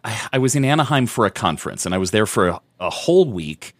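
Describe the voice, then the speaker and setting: Low-voiced man telling a rambling story. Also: big pitch swings, quick pace, no echo. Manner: rambling storyteller with many restarts. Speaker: podcast co-host. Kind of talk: casual chat.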